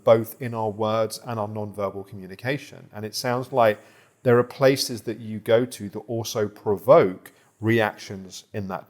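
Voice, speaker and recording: Man, therapist, calm, reflective, explanatory. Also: mid-range voice. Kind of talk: therapy session guidance.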